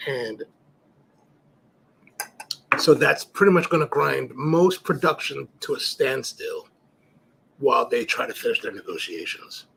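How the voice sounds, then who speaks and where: Gravelly and fairly bright, this middle-aged cigar livestream host's medium-pitched voice has lively intonation, an unhurried pace and long pauses, with slight background noise. He chats casually, reads viewer comments and rambles through stories with frequent restarts and fillers.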